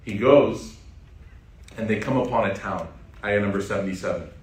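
A preacher giving a casual, lively storytelling sermon, talking straight to his listeners. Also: on the low side, moderate pace. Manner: casual, animated retelling that addresses the audience directly. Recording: roomy sound from a distant mic.

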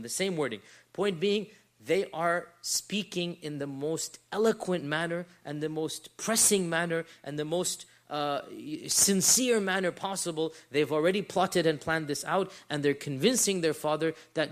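A man lecturing a class on scripture, explaining slowly, repeating phrases and reciting in Arabic. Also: a little high. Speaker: teacher of Quran commentary.

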